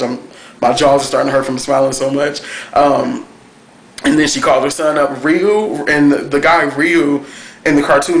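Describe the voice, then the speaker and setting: A man reviewing a cartoon episode on camera, talking in a gushing, excitable way with plenty of fillers. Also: a little high. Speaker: TV review vlogger. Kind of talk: casual chat review. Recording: echoey room.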